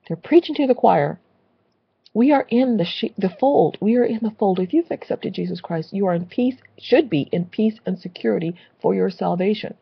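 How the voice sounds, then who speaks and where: A woman's voice: medium pitch, animated, normal speed, vocal fry, husky, no echo, highs cut off. A woman delivering an impassioned, preachy religious rant, repeating phrases for emphasis. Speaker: Christian video blogger.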